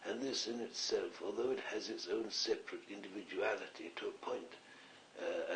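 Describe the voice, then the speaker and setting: A man's voice: lowish voice, fairly bright tone. A man with a slight Scottish accent speaking as a spirit communicator at a séance, earnest and rambling. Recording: echoey, distant old archive recording with faint hiss.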